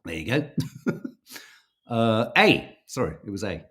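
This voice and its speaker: A man's voice: lowish voice, big pitch swings, a little slow, fairly bright tone. A chatty man from the United Kingdom hosting a casual live-stream quiz. His voice swings widely up and down as he reads out questions and laughs at his own slips over names. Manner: chatty, self-mocking, stumbles over names. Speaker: podcast co-host running a viewer quiz.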